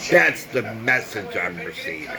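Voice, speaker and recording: A man's voice: fairly low pitch, big pitch swings, normal speed, over a noisy crowd, poor audio. A man talking through a personal grievance in a vlog monologue, earnest and repetitive, sometimes searching for words. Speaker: vlogger.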